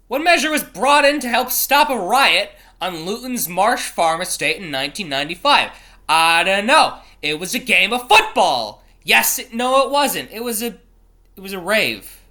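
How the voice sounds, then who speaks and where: Profane, exasperated man with a bright voice. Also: high voice. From not British. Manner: profane, exasperated, self-interrupting; stumbles over place names. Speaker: show host. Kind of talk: casual solo commentary reading news quiz aloud.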